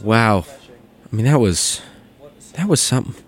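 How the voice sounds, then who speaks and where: A man co-hosting in casual banter with a dry, deadpan delivery. His voice is at an ordinary middle pitch. He drops quick, understated jabs. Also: soft background music.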